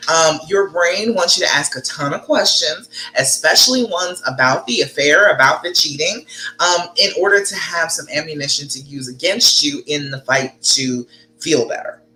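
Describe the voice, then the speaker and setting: A woman relationship coach chatting live with viewers, greeting them by name and reading out their comments, her voice leaping up high when she gets excited. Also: roomy sound, a little hiss or hum, low-quality recording. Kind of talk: live-stream chat answering viewers.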